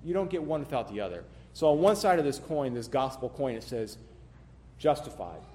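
A man's voice: on the high side, expressive, fast talker, mellow. Emphatic preaching man, echoey room. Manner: emphatic, rises and drops in volume for stress. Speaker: pastor. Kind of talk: sermon.

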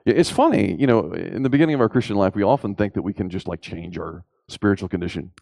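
Gravelly low-voiced male preacher. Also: quick pace, a little mellow, dry recording. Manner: emphatic, rises in pitch on key points, asks rhetorical questions. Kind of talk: sermon.

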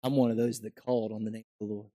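A man preaching a sermon as pastor, swinging from quiet asides to loud, emphatic exclamations. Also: fairly low pitch, level tone, very fast.

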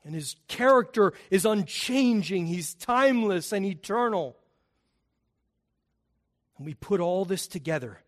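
Man, preacher, sermon, high-pitched, unhurried delivery, emphatic swells and quiet drops. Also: lively intonation. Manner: emphatic, swells loud on key phrases then drops low.

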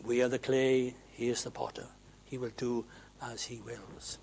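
A man preaching a sermon in a church, swinging from hushed asides to loud, ringing proclamations. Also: mid-range voice, flat delivery, a little slow, creaky, a little hiss or hum, poor audio.

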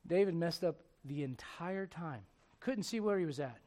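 Male preacher, high voice, lively sermon storyteller with constant rhetorical questions. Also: moderate pace.

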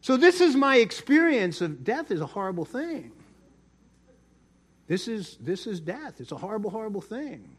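Middle-aged New pastor, chatty sermon. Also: male voice, sits high, big pitch swings, moderate pace, breathy edge. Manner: conversational storytelling, repeats words. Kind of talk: sermon with personal story.

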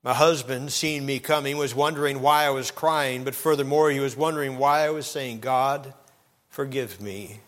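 A man preaching a sermon, telling a story dramatically and swinging between loud and hushed moments. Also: medium pitch, flat delivery, brisk, hardly any pauses, in a large hall. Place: church.

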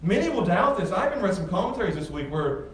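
A man's voice: high-pitched, very animated, fast, a bit bright, a little hiss or hum. A male pastor giving a sermon, talking to the congregation in an emphatic, conversational way with frequent restarts. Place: church sanctuary with congregation. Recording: echoey room, far from mic, faint ambience.

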